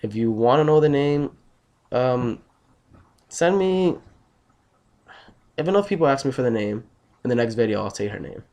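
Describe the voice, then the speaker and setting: A man's voice: medium pitch, lively intonation, normal speed, long pauses, a little mellow. A young man just out of bed, telling a story on his vlog in a blunt, rambling, heavily profane way. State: just woken up, tired. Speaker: vlogger.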